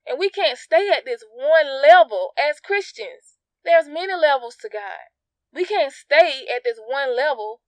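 An earnest woman giving an informal devotional teaching to her listeners, talking to them directly and repeating key phrases for emphasis. Her voice sits a little high. The recording is dry and close, with no room sound. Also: expressive, a little slow, dry recording. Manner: addresses listeners directly as you guys. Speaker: Bible teacher.

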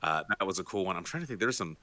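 A man's voice: sits low, expressive, racing, bright, forceful tone, no room sound. A man co-hosting a casual podcast, laying out details at length in a knowledgeable way. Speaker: podcast co-host.

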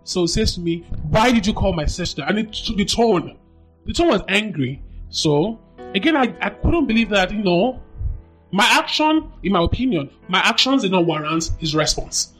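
A woman shares her story as a podcast guest, talking with lively emphasis and doubling back on her words. Her voice lifts sharply when she acts out what she once said. Faint music sits low underneath. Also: moderate pace. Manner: animated, emphatic, acts out quoted dialogue, repeats phrases. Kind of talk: candid personal storytelling.

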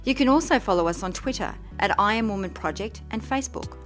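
A woman's voice: mid-range voice, expressive, fast talker, soft background music. A woman hosting a podcast, reading a scripted intro and then chatting enthusiastically with her guest. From Australia. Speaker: podcast host.

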